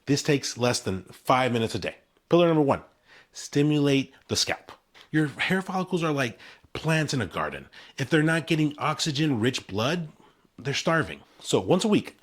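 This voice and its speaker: Upbeat man in his 40s pitching. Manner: upbeat, punchy sales pitch in short emphatic phrases. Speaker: vlogger selling his own hair product. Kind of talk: scripted promotional talk to camera.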